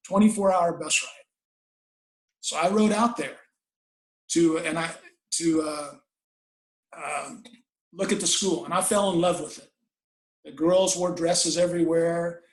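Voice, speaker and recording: A man's voice: fairly high pitch, echoey room, poor audio. A man, a football coach, telling a personal story in an earnest, folksy way during an interview.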